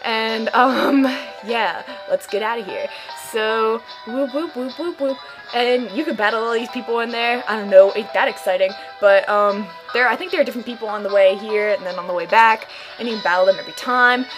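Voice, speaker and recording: A woman's voice: on the high side, brisk, few pauses, over music, rough recording. A woman giving casual, sarcastic commentary over a game playthrough, playfully mocking the characters. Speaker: gaming channel host.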